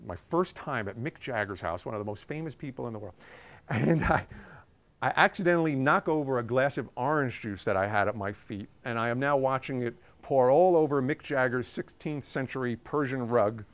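Man, journalist, casual storytelling, smooth resonant voice, chatty with filler words. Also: medium pitch, moderate pace. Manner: chatty, with many ums and uhs. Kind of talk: casual anecdote telling.

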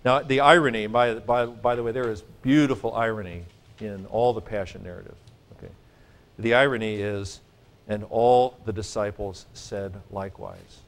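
A man teaching a Greek grammar class, lecturing in a lively, joking way and stressing his points. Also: fairly low pitch, normal speed. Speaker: Greek professor.

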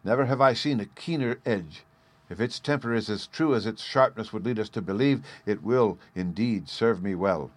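A man's voice: fairly low pitch, moderate pace, close to an everyday voice. A man voicing a proud, stern old master smith in a storybook reading. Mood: pleased.

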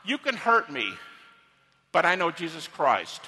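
A man voicing a defiant apostle who loudly mocks death, speaking in a long-echoing auditorium. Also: a little high, wildly swooping pitch, a little slow, slightly rough, heavily acted. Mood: taunting. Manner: loud, mocking, triumphant shouting.

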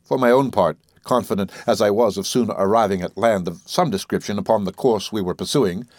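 A man giving a steady, measured scripted narration of a classic novel as an audiobook reader. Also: fairly low pitch, dry recording, clean studio sound.

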